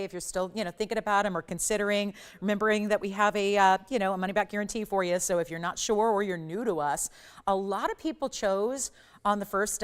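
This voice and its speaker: A woman hosting a live shopping channel broadcast, giving a chatty, gushing sales pitch in a TV studio and repeating words for emphasis. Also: smooth. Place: television studio.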